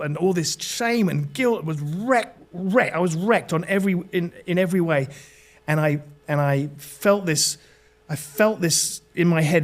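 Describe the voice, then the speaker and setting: British male guest, middle-aged, slightly higher voice, earnest testimony with stumbles. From Britain. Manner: earnest storytelling, halting restarts. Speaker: podcast guest. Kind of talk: personal testimony in an interview.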